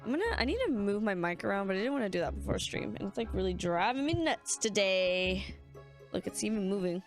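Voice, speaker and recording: A woman's voice: mid-range voice, animated, brisk, soft background music. A young woman streamer chatting casually and sleepily while playing a game and reading its lines aloud. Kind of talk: casual let's-play chat.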